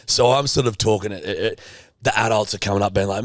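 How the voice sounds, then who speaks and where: A man's voice: fairly low pitch, fast, dry recording, clean studio sound. A man, co-hosting a podcast and telling a rowdy story, swearing heavily. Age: 30s. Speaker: podcast co-host. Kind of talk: casual chat.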